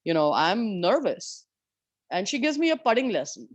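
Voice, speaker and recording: A woman golfer telling stories of her years on tour in an interview, animated and candid, swearing freely. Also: medium pitch, moderate pace, dry recording. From India. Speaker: professional golfer guest. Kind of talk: storytelling in an interview.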